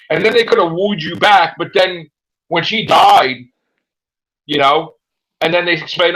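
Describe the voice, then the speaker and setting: A young man hosting a casual fan chat, animated and exclaiming, acting out his own reactions. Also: high-pitched, normal speed, poor audio. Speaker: podcast host.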